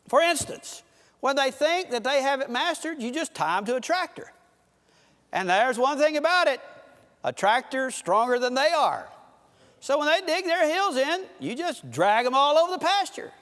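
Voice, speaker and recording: A man preaching a sermon, telling folksy farm stories and swinging between loud and soft delivery. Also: very high-pitched, in a large hall. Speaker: pastor.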